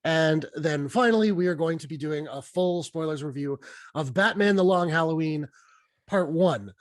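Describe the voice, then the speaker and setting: A man's voice: a little high, normal speed, no echo, clean studio sound. A man hosting a podcast, chatting casually and animatedly about movies. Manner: chatty, animated, laughs at his own stories. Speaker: podcast host.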